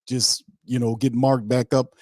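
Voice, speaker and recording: A man's voice: mid-range voice, level tone, a little slow, a little mellow, no echo. Male podcast host, mid-range voice, slangy and emphatic, dry close mic. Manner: loose, emphatic, slangy delivery with many restarts. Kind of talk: casual sports talk show.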